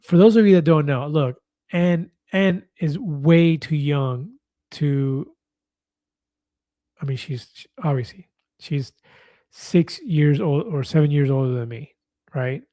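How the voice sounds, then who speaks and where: Casting note: talkative livestream host in his fifties, mellow voice, dry close sound. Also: fairly high pitch, slow pace, no echo. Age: 50s. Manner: chatty, reads viewer comments aloud, laughs easily. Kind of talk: casual livestream chat.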